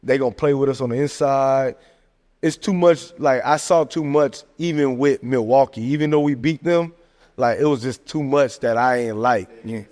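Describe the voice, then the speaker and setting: A man talking sports casually on a podcast, animated and joking, tossing in "man" and "hey, look" constantly. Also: mid-range voice, moderate pace. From American South. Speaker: podcast host. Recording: long hall reverb.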